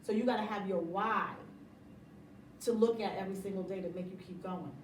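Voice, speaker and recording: A woman's voice: mid-range voice, steady tone, a little fast, roomy sound, distant mic, a little hiss or hum, rough recording. A middle-aged woman talking about running her business in a casual interview, emphatic and motivational, often laughing. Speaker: interview guest, business owner.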